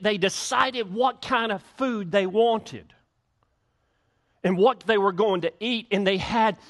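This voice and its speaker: A man's voice: sits high, fairly bright tone. A middle-aged male pastor preaching a conversational sermon, acting out little everyday dialogues to make his points.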